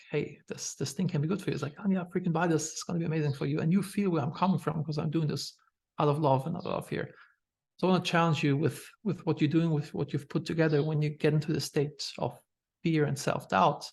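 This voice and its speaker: Husky German-accented man, candid talk. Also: fairly high pitch. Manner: candid, anecdotal, frequent fillers and restarts. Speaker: startup founder. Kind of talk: masterclass talk.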